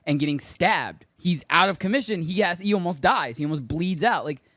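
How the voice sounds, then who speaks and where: A man's voice: high voice, animated, a little fast, a bit bright, dry recording, studio quality. A man co-hosting a casual pop-culture podcast, giving eager, rambling explanations. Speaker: podcast co-host. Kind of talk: casual chat.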